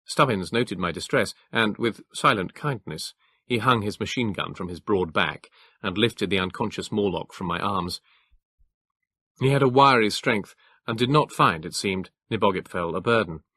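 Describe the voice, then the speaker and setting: A man reading an audiobook in a measured, even storytelling manner. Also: fairly low pitch, husky. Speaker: audiobook narrator. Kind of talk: scripted audiobook narration.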